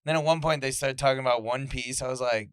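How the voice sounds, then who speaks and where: A man's voice: medium pitch, fairly even intonation, fast, clean tone, no room sound, clean studio sound. A young man co-hosting a casual chat with his sister, joking, swearing freely and acting out his stories. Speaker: podcast co-host.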